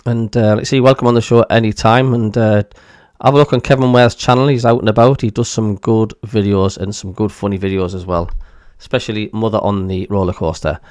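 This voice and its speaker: A man's voice: fairly low pitch, steady tone, a little fast, darkish tone, no echo, studio quality. A man with a Sunderland (Mackem) accent hosting a live football stream, chatting casually and reading out viewer comments with lots of ums. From Northeast England. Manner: chatty, plain-spoken, many ums. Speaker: host of a football watchalong stream.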